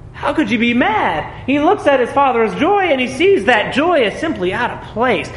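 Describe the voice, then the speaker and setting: High-voiced man preaching in an echoey hall. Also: a bit bright, a little hiss or hum. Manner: earnest, emphatic preaching with rhetorical questions. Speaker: pastor. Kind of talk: sermon. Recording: echoey hall with faint ambience.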